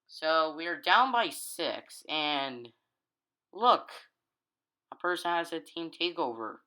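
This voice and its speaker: A man's voice: a little high, expressive, sharp tone, clear, resonant tone, rough recording. A gaming YouTuber talking casually over his basketball video game, rambling and correcting himself as he goes, a little tired. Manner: rambling, halting, self-correcting. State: tired, yawning.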